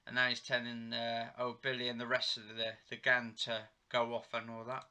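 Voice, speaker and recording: Rambling man with a very bright voice. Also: mid-range voice, monotone, moderate pace, smooth. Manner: rambling, retells dialogue with "he goes" and "she said". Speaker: TV episode reviewer. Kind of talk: live play-by-play recap while watching.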